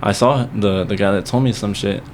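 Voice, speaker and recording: Low-voiced young man telling a rambling story. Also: brisk, a little mellow, slight background noise. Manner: rambling, swears freely, mixes in Spanish phrases. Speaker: podcast guest. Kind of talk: casual storytelling chat.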